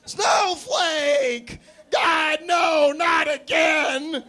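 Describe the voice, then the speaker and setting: A man voicing a naive, panicky male pet lover in a live comic story reading, pleading and then shouting in alarm. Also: high voice, animated, a little slow. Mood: frantic.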